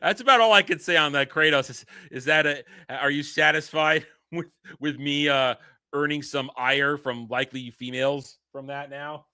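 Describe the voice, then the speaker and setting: Male stream host, loose and rambling, self-interrupting, sharp bright tone. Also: on the high side, fairly even intonation, normal speed, clear, resonant tone, dry recording, clean studio sound. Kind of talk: casual livestream chat.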